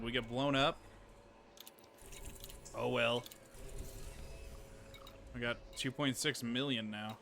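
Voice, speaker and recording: A man's voice: medium pitch, slow pace, creaky, pauses often. A man streaming himself playing a game, thinking aloud in an easygoing, chatty way. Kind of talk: casual gameplay commentary. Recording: steady noise behind the voice.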